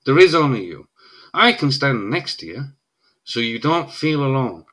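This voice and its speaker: A middle-aged man with an Irish accent talks as a podcast guest, his voice bright and forceful. He lays out his argument emphatically and keeps checking in with "right?". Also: mid-range voice, very animated, moderate pace. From Ireland. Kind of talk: casual podcast conversation.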